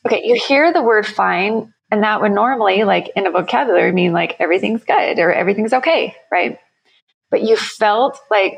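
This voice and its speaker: Gravelly-voiced woman founder explaining. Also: mid-range voice, a little fast. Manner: enthusiastic, explanatory, self-correcting. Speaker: company founder, guest. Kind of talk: podcast interview.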